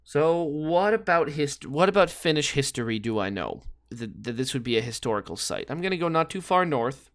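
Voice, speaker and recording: A man's voice: a little high, big pitch swings, normal speed, few pauses, a bit bright, dry recording, clean studio sound. A man giving casual, rambling commentary while playing a guessing game, joking and thinking aloud. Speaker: gameplay commentator.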